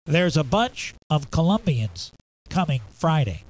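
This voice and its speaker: A man's voice: on the high side, very animated, a little slow, voice pushed down. A man doing a nasal, pinched gangster voice. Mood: menacing. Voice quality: nasal, held-nose voice. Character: gangster movie characters, male, menacing. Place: radio studio.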